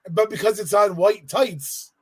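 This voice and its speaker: Brief: male co-host with a high voice, animated and profane storyteller. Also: unhurried, husky. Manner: animated storytelling, swears freely. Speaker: podcast co-host. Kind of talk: casual chat recapping a wrestling event.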